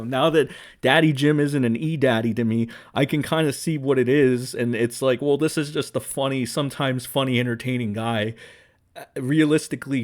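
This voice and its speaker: A young man giving a profane, sarcastic rant, reacting to social media posts as a commentary streamer. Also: medium pitch. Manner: profane, sarcastic, mocking voices of others.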